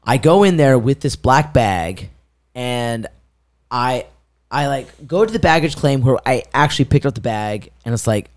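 Man, podcast co-host, lively storyteller, swinging pitch, does voices in his anecdotes. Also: unhurried. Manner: animated, acts out quoted voices, laughs mid-story. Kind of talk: casual storytelling chat.

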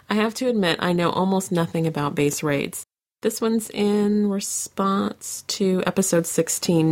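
A woman co-hosting a podcast, reading out listener comments in a chatty way, laughing often, her throat sore from coughing. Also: fairly low pitch. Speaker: podcast co-host. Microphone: home podcast microphone.

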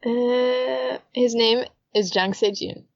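A woman's voice: on the high side, steady tone, slow pace, creaky, no room sound, muffled recording. A woman co-hosting a podcast, chatting casually and recapping a story at length, laughing often. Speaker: podcast co-host. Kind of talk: casual chat.

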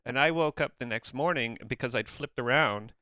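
A man telling road stories in casual chat, acting out shouted voices. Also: medium pitch, normal speed, no echo. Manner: animated storyteller, acts out shouting voices.

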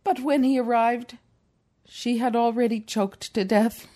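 A woman's voice: a little high, steady tone, unhurried, dark tone. A woman, the host's mother, reading a fairy tale aloud in a dry, matter-of-fact way on a podcast.

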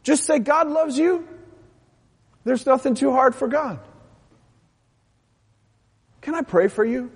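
High-pitched husky man preaching in a reverberant hall. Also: slow, pauses often. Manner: animated, impassioned preaching, then soft prayer. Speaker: pastor. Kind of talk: sermon.

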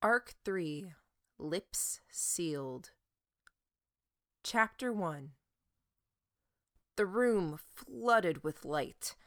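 Slow, low-voiced woman narrating an audiobook. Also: animated, a bit bright. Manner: slow, measured reading.

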